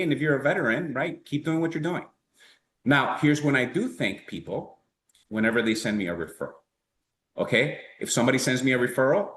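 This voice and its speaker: A man giving a conversational sales training, animated, checking in constantly with "right?" and acting out sample dialogues. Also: medium pitch. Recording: echoey room.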